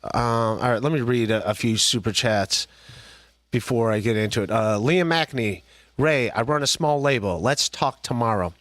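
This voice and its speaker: A man's voice: mid-range voice, moderate pace, fairly bright tone, no room sound. A man hosting a podcast livestream, rambling through casual commentary with jokes, restarts and laughter. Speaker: podcast host.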